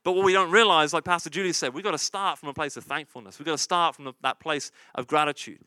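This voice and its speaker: A man's voice: fairly high pitch, fast, pushed and bright, dry recording. A man preaching a sermon as pastor, in a conversational style, often asking "right?" and repeating key lines for emphasis. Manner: conversational preaching with frequent "right?" and "you see".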